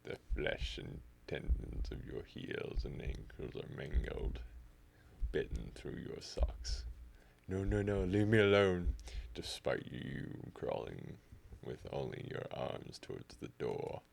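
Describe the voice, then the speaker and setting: A man's voice: a bass voice, lively intonation, slow pace, gravelly, darkish tone, slight background noise. A man streaming live, reading a text game aloud in the second person and reacting as he goes.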